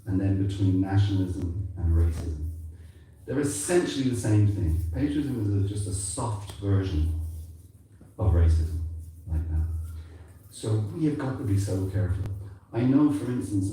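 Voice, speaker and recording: A man born in England gives a rambling, conversational sermon with an accent that mixes English and Irish. His voice sits low and dark, with a mellow tone. He is heard from a distance in a very echoey temple hall. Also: a little hiss or hum. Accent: mixed English and Irish. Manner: conversational, rambling, frequent "you know". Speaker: temple speaker.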